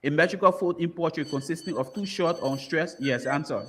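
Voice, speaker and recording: A man's voice: fairly high pitch, brisk, fairly bright tone. A man with a Liberian English accent moderating a school quiz bowl, reading questions and repeating commands to hurry contestants.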